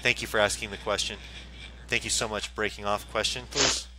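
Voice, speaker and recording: A man working as a psychic medium, giving a live ghost box reading in a calm, steady way and closing each message with set phrases. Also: lowish voice, brisk, noisy background. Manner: calm, repeats messages, ritual sign-offs.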